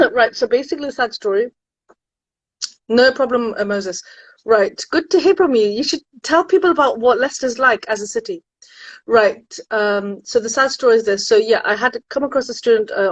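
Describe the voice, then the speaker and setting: Her voice fairly high, a university admissions consultant holds an animated, chatty conversation with viewers on a home live stream, with frequent exclamations. The recording is rough, though free of echo.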